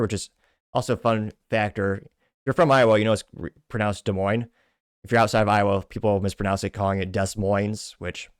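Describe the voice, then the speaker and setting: A man hosting a talk show, reading social media comments aloud with wry asides and quick self-corrections. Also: on the low side, dry recording, studio quality. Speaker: podcast host.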